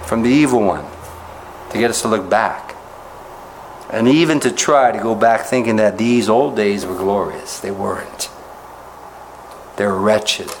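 A man pastor preaching an expository sermon, talking conversationally with the congregation, often asking rhetorical questions and rising in pitch to stress a point. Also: measured pace, long pauses, slight background noise, poor audio. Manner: animated rises in pitch when making a point.

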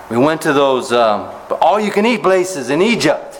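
A man pastor preaching an expository sermon, talking conversationally with the congregation, often asking rhetorical questions and rising in pitch to stress a point. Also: moderate pace, few pauses, slight background noise, rough recording. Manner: animated rises in pitch when making a point.

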